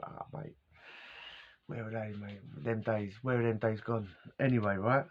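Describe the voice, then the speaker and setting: Middle-aged man vlogging, lowish voice, wandering casual chat, muffled lo-fi recording. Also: fairly even intonation, moderate pace. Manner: casual and wandering, laughs often, loses his words. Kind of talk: rambling personal storytelling. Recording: dull lo-fi recording.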